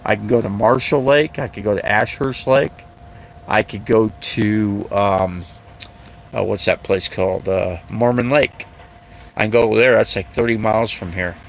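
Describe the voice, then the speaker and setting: A man's voice: lowish voice, steady tone, unhurried, creaky, slight background noise. An older man talking casually and at length on his live stream, chatty and repetitive, with lots of fillers as he wanders from point to point. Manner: rambling, chatty, repeats himself, heavy use of fillers. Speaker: RV vlogger. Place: living out of an RV.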